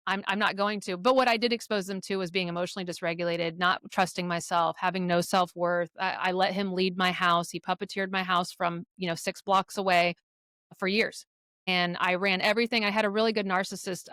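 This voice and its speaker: A middle-aged woman speaking as a podcast guest, telling her own parenting stories candidly, with blunt language and lively acted-out quotes. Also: mid-range voice, clean tone, no room sound, studio quality. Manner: frank, profane, animated retelling of quotes. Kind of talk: candid conversational storytelling.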